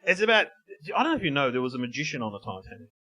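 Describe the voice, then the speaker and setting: A man's voice: medium pitch, very animated, racing, bright, forceful tone. A man co-hosting a live comedy podcast in a pub, rambling and laughing as he tells jokes. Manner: rambling joke-telling, laughs often. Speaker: co-host. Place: pub in front of a live audience.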